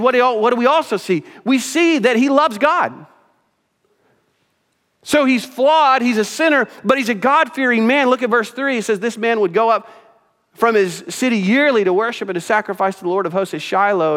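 A man preaching from the pulpit with a fairly high voice. He punches his main points and then sinks into quiet, hushed asides, often repeating a phrase as he goes. The sound has the long reverb of a church sanctuary. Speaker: pastor. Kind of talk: sermon.

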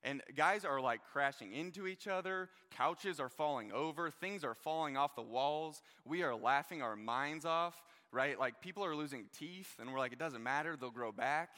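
A man's voice: fairly high pitch, expressive, moderate pace, few pauses, pushed and bright. A young man giving a casual, joking sermon to a live audience, full of stories and filler words like "like" and "you guys". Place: large hall with a live audience. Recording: long hall reverb.

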